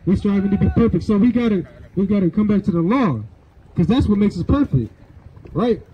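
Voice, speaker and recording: Street preacher, man, high voice and quick delivery, dull lo-fi outdoor recording. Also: animated, husky. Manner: preachy, asks for verses and keeps saying "right?". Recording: dull lo-fi sound, faint outdoor noise.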